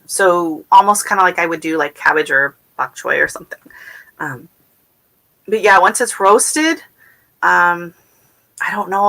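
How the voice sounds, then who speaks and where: Her pitch sits fairly low, and her delivery sounds pushed and bright. She's the same kind of at-home gardening livestreamer, wandering through viewer comments with lots of fillers and false starts.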